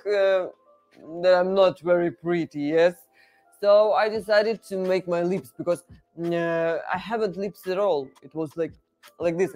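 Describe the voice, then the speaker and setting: A woman, an English speaker, talking frankly in a documentary interview with many pauses. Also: lowish voice, a little mellow. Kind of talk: candid interview.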